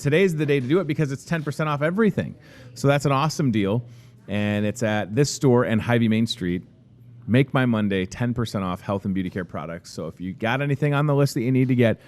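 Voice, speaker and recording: A man hosting a store show, chatting in a folksy, upbeat way inside a grocery store restaurant. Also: on the low side. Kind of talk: casual store announcements and interview.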